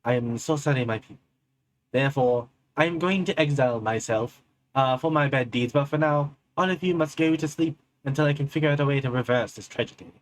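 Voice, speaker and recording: A man's voice: medium pitch, a little fast, a little hiss or hum, lightly acted. A man putting on the voice of a pompous robot king, mock-solemn and overly formal.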